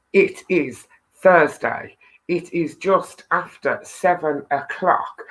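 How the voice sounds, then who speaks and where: A woman's voice: low-pitched, fairly bright tone, low-quality recording. A middle-aged woman hosting a casual live stream, greeting viewers and reading their comments in a chatty, self-deprecating way with frequent laughs and ums.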